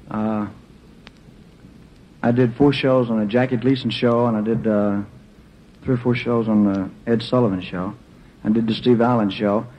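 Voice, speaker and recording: A man's voice: medium pitch, a little hiss or hum. A man talking onstage to a concert audience, telling stories in a loose, joking way with lots of fillers and restarts. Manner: laid-back and joking, with many fillers and restarts. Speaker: stage performer addressing a concert audience. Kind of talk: rambling onstage storytelling. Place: concert stage. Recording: muffled old live concert recording.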